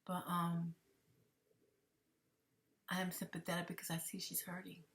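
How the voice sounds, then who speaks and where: A woman's voice: on the low side, completely flat delivery, measured pace, creaky, fairly bright tone, a little hiss or hum. A woman giving an emotional commentary monologue, often dropping to a whisper and repeating herself. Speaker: commentary vlogger.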